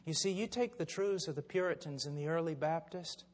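An older male preacher gives a brisk sermon, telling it as a fervent, impassioned story. His voice is high for a man and rings through a large church hall, trailing a long, lingering reverb.

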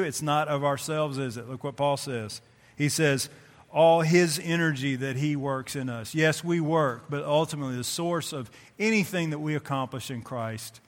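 A man preaching a sermon to his congregation. He stresses key phrases by repeating them and reads scripture slowly. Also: a little high. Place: church sanctuary. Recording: long reverb of a church hall.

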